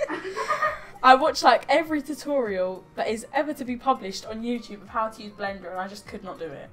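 A woman's voice: on the high side, expressive, fairly quick, soft background music. A woman chatting casually on a game live stream, bubbly and giggly, talking into a headset at home. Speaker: streamer host. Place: home setup, headset mic.

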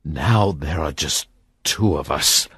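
A man voicing a wounded, dying old King Arthur, slow and deep, giving commands wearily. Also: big pitch swings, dry recording, clean studio sound, full character voice. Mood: weary commanding.

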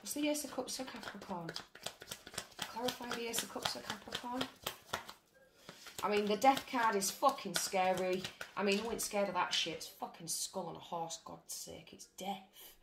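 A woman's voice: mid-range voice, normal speed. A British woman doing a casual tarot reading, blunt, chatty and full of swearing. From Britain. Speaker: tarot reader. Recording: roomy with faint noise.

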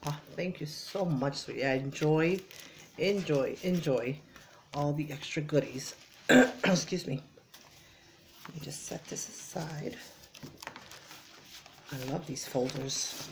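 Woman, low-energy crafting vlogger, lowish gravelly voice, soft-spoken. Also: slow, long pauses, slight background noise. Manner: soft, low-energy, often drops to a whisper. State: tired. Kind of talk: casual unboxing chat.

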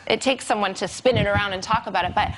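A woman, a comedian guest, chatting on a talk show with dry, deadpan jokes. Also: medium pitch, quick pace. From Canada. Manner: dry, deadpan joking delivery. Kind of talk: casual talk show chat.

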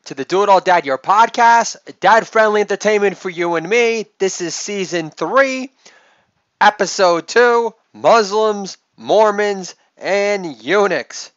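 Middle-aged male comic host, sarcastic rapid-fire monologue, slightly high smooth voice. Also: dry recording. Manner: sarcastic, rapid joke delivery with loud outbursts. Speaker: podcast host. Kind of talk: comedic monologue. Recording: dull lo-fi dry podcast audio.

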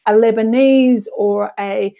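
A woman's voice: a little high, fairly even intonation, slow, vocal fry, dull audio. Chatty rambling Kiwi woman. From New Zealand. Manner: rambling, self-correcting. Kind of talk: casual chat.

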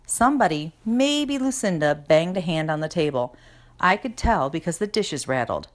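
Low-voiced woman reading a storybook aloud. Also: animated, normal speed. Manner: chatty first-person narration. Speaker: reader. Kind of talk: storybook read-aloud narration.

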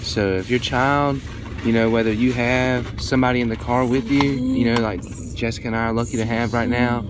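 A parent talking to the camera from inside a car, speaking softly and steadily in a reassuring way. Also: male voice, medium pitch, steady tone, brisk. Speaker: parent vlogger. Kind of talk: casual talk to camera. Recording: loud car noise. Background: car road noise.

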